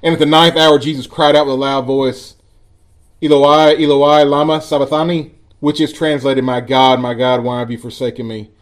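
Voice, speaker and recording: Preacher reading scripture with slow emphasis. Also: male voice, mid-range voice, flat delivery. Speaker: pastor. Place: church.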